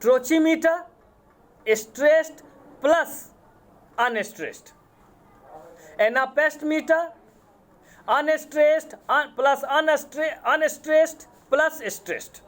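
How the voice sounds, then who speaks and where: Slow, deliberate Indian man lecturing. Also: extremely high pitch, a bit bright. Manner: deliberate, repeats terms and spells words out letter by letter. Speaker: college English lecturer. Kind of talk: classroom lecture on poetic meter.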